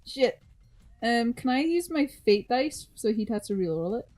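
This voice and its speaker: A woman's voice: fairly high pitch, lively intonation, normal speed, a little mellow, rough recording. A woman playing a tabletop game, stating her moves in a matter-of-fact, mildly exasperated way. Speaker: player. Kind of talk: casual tabletop game chat.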